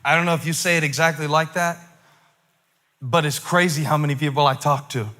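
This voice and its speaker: High bright-voiced preaching man. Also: brisk, big-room sound. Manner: animated preaching that swings between loud emphatic peaks and quiet musing asides; conversational, with humorous asides to the congregation. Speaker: pastor. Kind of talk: sermon.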